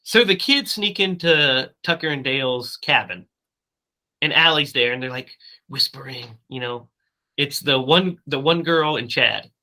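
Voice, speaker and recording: A man co-hosting a casual movie podcast, recapping scenes in an animated, loose way with some swearing. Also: medium pitch, unhurried, rough recording. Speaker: podcast co-host. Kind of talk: casual movie-review chat.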